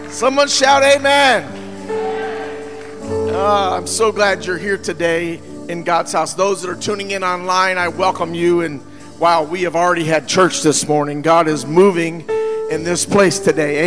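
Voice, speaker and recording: A man pastor preaching a lively sermon to his congregation, joking with them as he goes. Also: sits high. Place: church sanctuary. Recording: church hall reverb with faint music.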